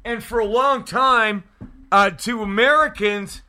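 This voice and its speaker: A man from Canada hosting a radio talk show, loud and excitable, bantering off the cuff and laughing often. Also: high-pitched, unhurried.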